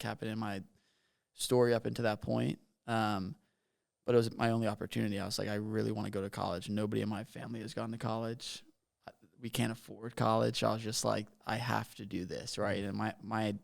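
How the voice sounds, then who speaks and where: Gravelly, low-voiced young man from Bermuda. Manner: rambling, filler-heavy with frequent "like". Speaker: podcast guest, coach. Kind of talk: casual interview storytelling.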